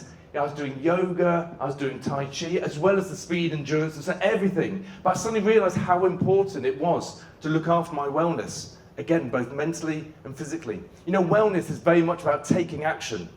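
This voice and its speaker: Keynote: male motivational speaker, fairly high, animated storyteller, roomy hall sound. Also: brisk, far from the mic. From Great Britain. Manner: animated, dramatic storytelling with bursts of shouting. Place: large event venue. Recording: echoey venue hall.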